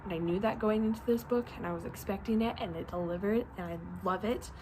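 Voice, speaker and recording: A woman's voice: mid-range voice, quick pace, noisy background. A young woman chatting casually about books in a rambling, bubbly way, sleepy and yawning now and then. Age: young adult. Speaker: reading vlogger. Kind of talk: casual chat.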